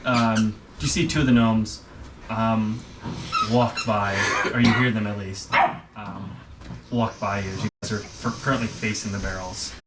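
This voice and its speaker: A man's voice: lowish voice, little pitch movement, measured pace. A man narrating as game master for a tabletop game, hesitant with many ums, recorded from a distance with background noise.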